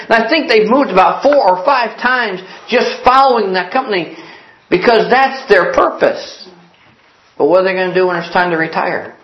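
A man's voice: sits high, normal speed. Earnest preacher man, echoey room. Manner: repeats key lines for emphasis; earnest, storytelling delivery. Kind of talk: sermon. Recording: echoey, dull lo-fi sound.

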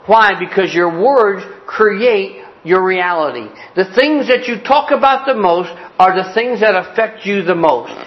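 Folksy man preaching a sermon, high voice. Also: measured pace, hardly any pauses, muffled recording. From Cleveland, Ohio. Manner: folksy, joking preacher with repeated phrases. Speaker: pastor.

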